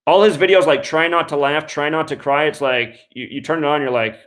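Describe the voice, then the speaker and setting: A man's voice: a little high, fairly quick, few pauses, fairly bright tone. A man hosting a call-in radio show, ranting angrily and swearing constantly at callers and critics. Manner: angry, scornful, swears constantly. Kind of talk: profane call-in show rant.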